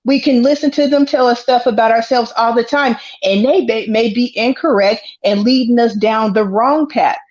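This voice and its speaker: A woman with a somewhat high voice leads a casual panel talk and gives advice earnestly, often repeating herself. The recording sounds dull and lo-fi. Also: moderate pace, few pauses, darkish tone. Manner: earnest, advising, repeats phrases.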